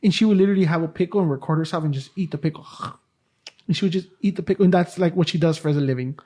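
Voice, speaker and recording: Rambling middle-aged man, higher voice. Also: very fast, dark tone. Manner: rambling, searches for words with many fillers. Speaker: podcast host. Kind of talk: casual chat.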